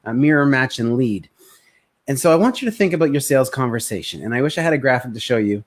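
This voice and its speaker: Energetic male sales coach on a live stream. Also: mid-range voice, fast. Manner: energetic, conversational, acts out prospects' voices.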